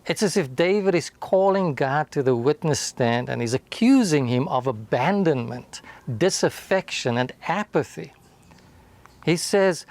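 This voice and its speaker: A male pastor giving a short sermon with a deliberate, emphatic delivery that sinks quietly at key points. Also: fairly high pitch, animated.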